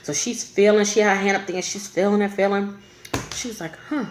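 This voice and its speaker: A woman's voice: mid-range voice, brisk. A woman, telling a personal story in a casual vlog and acting out the other voices in it. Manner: animated, laughing, acts out quoted voices. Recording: echoey room.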